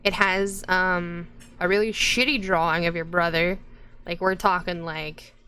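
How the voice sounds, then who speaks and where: A woman's voice: lowish voice, steady tone, unhurried, sharp tone, clean tone. A woman narrating a tabletop game as game master in a casual, jokey way with lots of fillers.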